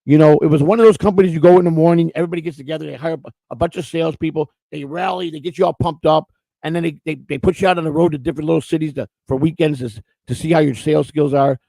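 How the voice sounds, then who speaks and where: A man chats on a casual morning livestream, spinning long stories in a gravelly, slightly high voice. He doubles back and repeats words as he goes. The sound is dry and close. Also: steady tone, rapid-fire, dark tone, no echo, rough recording. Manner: rambling storyteller, repeats words. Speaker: co-host.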